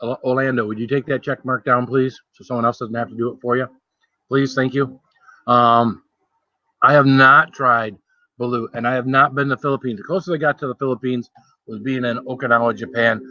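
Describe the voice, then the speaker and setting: A man talking casually on a live stream, rambling from one thought to the next and greeting viewers by name. His voice sits at an ordinary pitch and sounds close and dry. The sound is a little dull and lo-fi. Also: steady tone, brisk, bright, forceful tone, no room sound. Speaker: food challenge livestreamer. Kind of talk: casual live-stream chat while eating.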